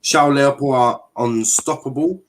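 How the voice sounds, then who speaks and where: Slight background noise sits under this young man's mid-range voice, which moves at a moderate pace. Streaming a live football watchalong, he offers casual commentary, reads out chat, jokes around and swears.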